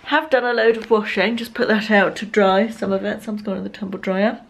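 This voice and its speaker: A woman's voice: mid-range voice, steady tone, fairly quick, creaky. An English woman in her fifties chatting through her day in a rambling, self-mocking daily vlog, filmed on a handheld camera in her car and at home. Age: 50s. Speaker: lifestyle vlogger. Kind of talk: casual daily vlog chat.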